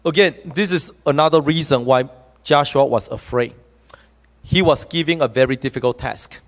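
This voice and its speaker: A male preacher giving a sermon in a church, telling the story in an animated way and often checking in with the congregation. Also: mid-range voice, normal speed, long reverb tail. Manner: animated storytelling with audience questions.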